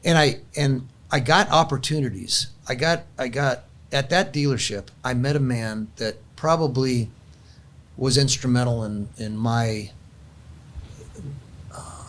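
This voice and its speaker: A man's voice: mid-range voice, steady tone, measured pace, a bit bright. A man, older in years, earnestly sharing a personal faith story in casual chat, with frequent restarts. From California.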